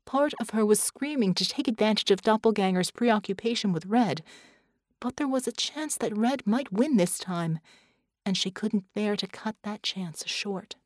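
A woman narrates an audiobook story in a calm, measured manner, her pitch sitting in the middle range. The scripted reading has studio quality with no audible room sound.

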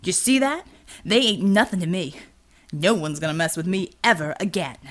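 A woman's voice: on the low side, lively intonation, moderate pace, a bit bright. A woman voicing a brutish, boastful giant male supervillain in an audiobook, with a slangy drawl. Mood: gloating.

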